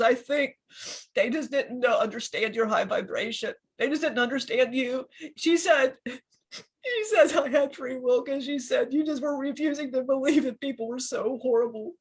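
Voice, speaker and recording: Woman channeling a fallen male archangel, tearful, halting, high-voiced, crying. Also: slightly rough. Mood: grieving. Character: grieving fallen male archangel, hurt and furious. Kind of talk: spiritual channeling session.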